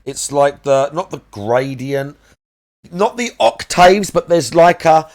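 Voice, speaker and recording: A man who is a parent streams a game live, chatting casually and rambling while he searches aloud for the right words. His voice is a little high, expressive and slow.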